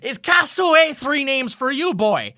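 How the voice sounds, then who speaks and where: A man voicing a gruff, appraising sailor in a tabletop game, talking loud, high and blunt. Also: very animated, unhurried, over a noisy crowd, exaggerated voice.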